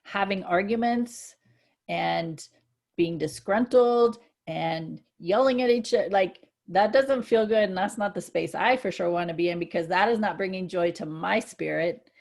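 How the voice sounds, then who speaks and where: A woman co-hosting a casual spiritual chat, earnest and reflective, growing excited when she gives examples. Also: mid-range voice, a little slow, vocal fry. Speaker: co-host.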